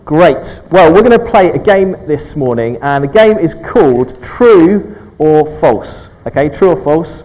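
Man, slightly high voice, friendly, chatty, all-age church talk, lots of "okay". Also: expressive, a little slow, hardly any pauses, a little mellow, rough recording. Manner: friendly, chatty, addresses children, frequent "okay".

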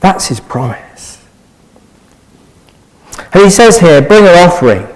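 Male preacher, earnest sermon delivery, high and very animated pitch, eager rhetorical questions. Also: slow pace, poor audio.

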